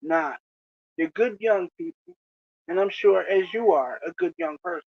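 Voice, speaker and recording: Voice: medium pitch, lively intonation, moderate pace, creaky, no echo, lo-fi sound. A video creator giving a preachy, lecturing monologue to the camera, often asking "you know?". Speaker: video creator addressing rival channels.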